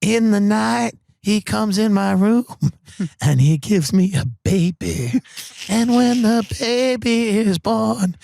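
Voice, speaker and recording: A man putting on an impression of a young female pop star, speaking slowly in a dreamy, ominous way. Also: sits high, vocal fry, darkish tone, dry recording, voice pushed up, heavily acted. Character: brooding young female pop singer, eerie.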